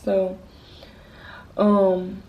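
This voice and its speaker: A woman's voice: medium pitch, completely flat delivery, extremely slow, narrow, tinny audio. A teenage girl, a vlogger, telling a personal story in a casual, rambling, candid way. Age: teens. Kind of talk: storytime vlog. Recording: slightly distant mic with faint noise.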